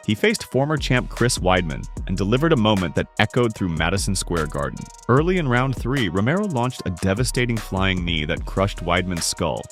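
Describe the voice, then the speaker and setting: A man with a fairly low voice narrates a sports documentary, his intonation rising and falling expressively. Soft music plays beneath his dramatic script. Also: big pitch swings, normal speed, few pauses. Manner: dramatic, storytelling.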